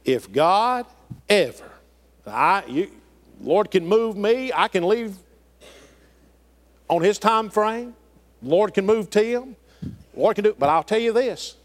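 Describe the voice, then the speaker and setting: A middle-aged pastor from the delivers a sermon with a voice that swoops between high and low. His pitch sits somewhat high for a man, and his phrasing is folksy and emphatic. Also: animated, slow pace, pauses often. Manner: preaching with rising and falling emphasis, folksy phrasing.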